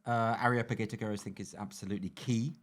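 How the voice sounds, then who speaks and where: A man's voice: on the low side, fairly even intonation, fast talker. A man, an author guesting on a podcast, chatting with dry, wry wit. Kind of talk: casual comedic chat.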